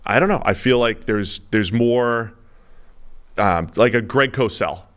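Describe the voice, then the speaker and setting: A man's voice: medium pitch, a little slow, a bit bright, clear, resonant tone. A man co-hosting a football podcast, chatting loosely and jokingly, often trailing off mid-thought. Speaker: podcast co-host, football analyst. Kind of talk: casual podcast chat.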